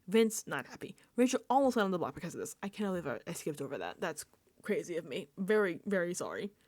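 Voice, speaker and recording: A woman's voice: lowish voice, sing-song, fast talker, a little mellow, dry recording. A woman giving casual, rambling recap commentary on a reality show, exasperated and swearing freely.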